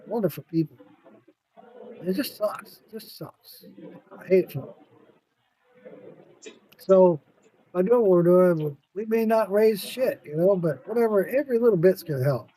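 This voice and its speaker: A man hosting a casual podcast, telling stories in an animated way, swearing freely and laughing often. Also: high voice, normal speed. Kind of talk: casual chat.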